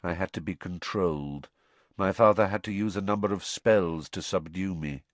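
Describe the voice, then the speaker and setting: A man voicing a drugged young man who confesses in a flat, expressionless voice. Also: low voice, moderate pace, dry recording, close to an everyday voice. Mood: flat monotone.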